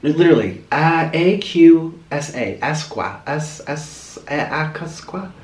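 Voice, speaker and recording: A young man with a lively, swooping voice tells a rambling story while eating on camera. He sounds a little above the usual male pitch and sits somewhat back from the mic, so the room gives off a noticeable echo. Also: slow pace, recorded from a distance. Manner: chatty, rambling, animated. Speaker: mukbang vlogger. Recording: roomy echo, a bit off-mic.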